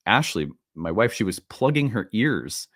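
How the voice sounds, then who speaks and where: A deep-voiced man talks casually to camera about astrology, swinging his pitch widely as he goes. He laughs at his own asides and teases himself. The sound is close and dry. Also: sing-song, unhurried, fairly bright tone, no room sound. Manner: self-deprecating, playful asides. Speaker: astrology video host. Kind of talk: casual solo talk to camera. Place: home room with open windows.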